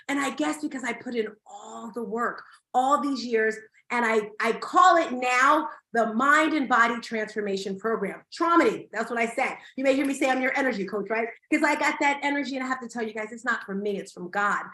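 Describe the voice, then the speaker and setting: A woman giving a live motivational talk to an audience at an event, energetic and emphatic, with loud bursts of excitement. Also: fairly high pitch. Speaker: motivational speaker. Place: event hall. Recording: echoey hall.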